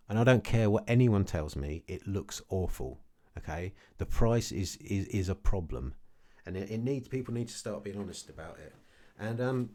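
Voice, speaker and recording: Blunt man, low mellow voice. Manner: blunt, repetitive, says okay often. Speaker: crypto vlogger. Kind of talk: casual to-camera rant.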